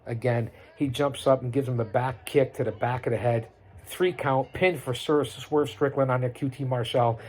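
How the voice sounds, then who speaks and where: A middle-aged man hosting his own podcast comments live over wrestling without a script, speaking at a moderate pace in a darkish mid-range voice. His tone turns boastful and preachy, with repetition and lists rattled off.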